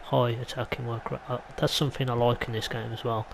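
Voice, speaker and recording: Speaking a little fast with a flat, medium-pitched delivery and some vocal fry, a man from England narrates his football video game play. The gaming YouTuber is chatty and rambling, with mild asides, and there's a noisy background.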